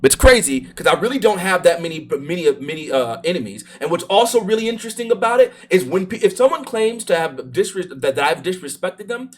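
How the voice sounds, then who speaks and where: A man's voice: high-pitched, big pitch swings, a little fast, hardly any pauses. A man streaming live, reacting to a video in an emphatic, argumentative way with frequent restarts. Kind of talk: casual live-stream commentary.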